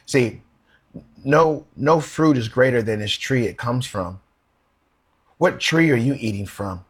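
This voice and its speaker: A man's voice: mid-range voice, lively intonation, measured pace, husky. A man preaching a sermon. He reads Bible verses aloud and asks his listeners questions. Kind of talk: sermon with scripture reading.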